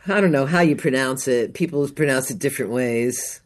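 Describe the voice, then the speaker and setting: A woman guest astrologer chatting on a radio show, meandering and quick to laugh. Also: very deep voice. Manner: slow, meandering, laughs easily. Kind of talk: casual radio chat. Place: radio studio.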